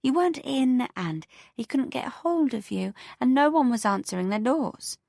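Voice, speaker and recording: A woman's voice: sits high, lively intonation, normal speed, creaky, darkish tone, no room sound, clean studio sound, pitched above the performer's own voice, heavily acted. A woman putting on a prim, fussy old neighbour lady. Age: older. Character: prim elderly woman neighbour, gossipy and proud.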